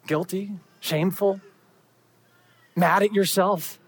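A preacher delivering a sermon, building up with emphasis and then dropping to hushed, quiet endings. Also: medium pitch, steady tone, slow pace.

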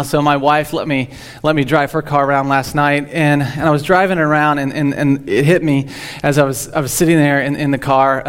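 A young man, a teaching pastor, giving a humorous, rambling sermon in church with frequent restarts. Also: on the high side. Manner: jokey, rambling, repeats words when starting sentences.

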